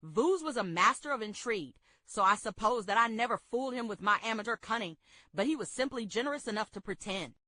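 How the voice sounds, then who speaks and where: A woman reading a memoir aloud at a book club in a steady, expressive way. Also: a little high, a little fast, dry recording.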